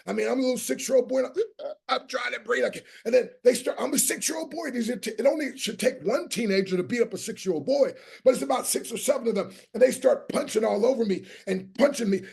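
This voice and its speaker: A man's voice: very high voice, lively intonation, fast, creaky, few pauses, dark tone, husky. A middle-aged man giving an emphatic motivational speech to a live online audience, repeating his key lines and calling out to the chat. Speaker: motivational speaker.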